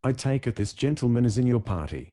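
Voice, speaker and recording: A genial American businessman who chats folksily and cordially, as a male audiobook narrator puts him on. He speaks with an American accent and a relaxed drawl. The tone is mellow and warm. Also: mid-range voice, fast, lightly acted. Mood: folksy.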